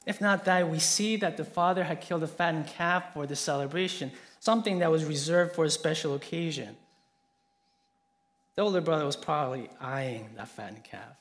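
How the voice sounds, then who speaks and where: Man, preacher, sermon, slightly high voice, earnest, soft then emphatic. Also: moderate pace.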